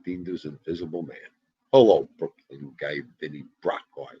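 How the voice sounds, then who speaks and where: A man's voice: extremely low pitch, fairly even intonation, normal speed, dark tone, slightly rough, no room sound. A man in his fifties hosting a casual livestream, greeting viewers one by one and joking around. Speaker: livestream host. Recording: dull lo-fi livestream audio.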